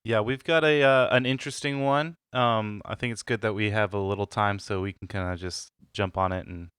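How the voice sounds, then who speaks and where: A man's voice: on the low side, steady tone, brisk, fairly bright tone, clean tone, no echo, clean studio sound. A man on a comedy podcast in an easygoing way, reading out a listener question.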